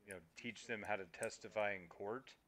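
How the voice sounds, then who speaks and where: A man's voice: lowish voice, steady tone, moderate pace, a bit bright. A man co-hosting a casual gaming podcast, explaining things in an emphatic way and swearing casually. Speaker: podcast co-host. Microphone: streaming microphone.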